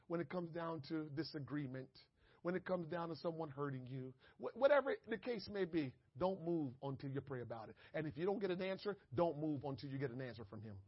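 Husky pastor preaching with wild volume swings. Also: male voice, on the high side, dry recording, highs cut off. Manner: conversational preaching with big swings from hushed to shouting; acts out quoted conversations and laughs at himself. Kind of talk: sermon.

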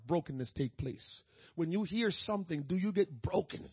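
Man, pastor, sermon, husky, quiet to shouting, dry, muffled recording. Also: on the high side, sing-song, moderate pace, dry recording. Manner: swings from quiet to shouting, crying out.

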